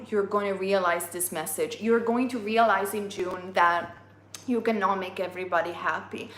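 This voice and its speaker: A woman giving an astrology reading, retelling a myth in an animated way and addressing listeners by their star sign. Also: mid-range voice, roomy sound. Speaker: astrology reader. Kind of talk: tarot reading monologue.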